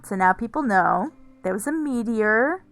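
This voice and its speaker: A woman's voice: fairly high pitch, animated, unhurried, fairly bright tone, faint music behind. A woman streaming a game, musing aloud in casual let's-play commentary.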